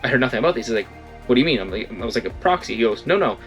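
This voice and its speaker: Talking very fast in a medium-pitched voice, a young vlogger shares a rambling, casual story over dull audio with faint music behind. He keeps correcting himself and animatedly quotes what other people said.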